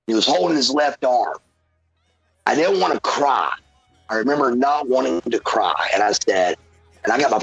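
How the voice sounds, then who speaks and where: A man's voice: medium pitch, breathy edge, rough recording. A man from Georgia, a podcast guest telling a profane story and acting out what people said. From Georgia, USA. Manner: animated, swearing, acts out quotes. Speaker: podcast guest, former pro wrestler.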